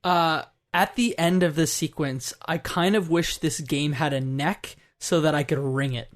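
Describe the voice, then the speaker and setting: A man's voice: a little high, steady tone, measured pace. A man hosting a video game podcast, complaining in an exasperated, laughing way. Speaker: podcast host. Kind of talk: casual video game discussion.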